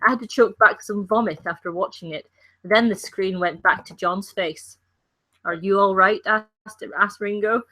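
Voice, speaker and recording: A woman's voice: medium pitch, fairly even intonation, normal speed, pushed and bright. A Scottish woman co-hosting a livestream, reading a story aloud with stumbles, self-corrections and giggles. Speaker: co-host reading stories aloud.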